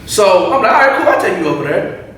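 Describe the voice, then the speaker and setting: A man, telling a story as a guest rapper in an animated, casual way and acting out what others said. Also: high voice, fast. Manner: animated, swears freely, acts out other people's lines. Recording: echoey room, distant mic, faint noise.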